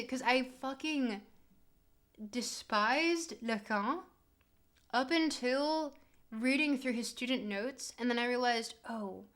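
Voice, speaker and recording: Streamer type: Canadian woman with a slightly high voice, chatty, digressive and profane, talking casually to her chat. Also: a bit bright. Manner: rambling, profane, quick tangents while answering chat.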